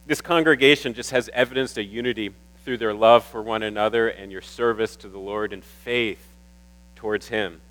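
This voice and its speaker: Man preaching, tense bright voice, emotional, halting repeats, faint hum. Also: lowish voice, fairly even intonation, poor audio. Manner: warm, emotional, getting teary at times. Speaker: pastor. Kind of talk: sermon. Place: church.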